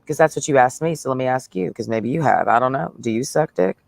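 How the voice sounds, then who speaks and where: Gravelly woman ranting on her stream, sarcastic and swearing a lot, dry close sound. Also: rumbling low, quick pace, a little mellow, no echo. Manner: blunt, profane, sarcastic, talks to the listener directly. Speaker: livestreamer. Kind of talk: ranting livestream monologue.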